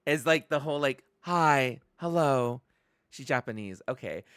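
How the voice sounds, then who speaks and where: A woman streaming a video game, chatting excitedly with her viewers and laughing often. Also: very deep voice, fast talker, no echo, clean studio sound. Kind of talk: casual live-stream commentary.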